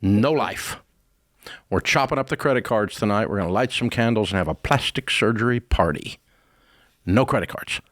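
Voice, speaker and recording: A man's voice: lowish voice, lively intonation, normal speed, no echo, studio quality. A man hosting a call-in advice show, talking casually in a blunt, emphatic way with folksy slang. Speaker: radio show host.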